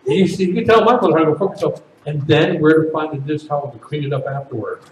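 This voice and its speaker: A man performing stand-up comedy at a party, with loud, animated shouted bits. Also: fairly high pitch, fast, echoey room, distant mic, a little hiss or hum, rough recording.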